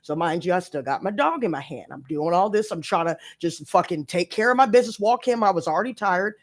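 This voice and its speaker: A woman's voice: fairly low pitch, lively intonation, fast. A woman telling a story to her live-stream audience in casual chat, emphatic and profane as she rants. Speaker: tarot reader live-streaming.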